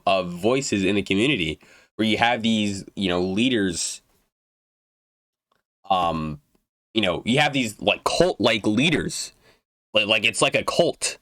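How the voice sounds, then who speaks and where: A man's voice: fairly low pitch, bright, forceful tone, dry recording. A young man ranting about video games, blunt and profane, stumbling and restarting his words, his throat going dry. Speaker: gaming YouTuber. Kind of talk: unedited rant to camera.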